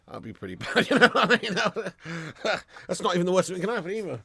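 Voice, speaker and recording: A man's voice: sits high, sing-song, a little fast, vocal fry, sharp tone, husky, dry recording, clean studio sound. A man hosting a live watch-along stream, chatting casually with viewers, reading out their comments, swearing and laughing often.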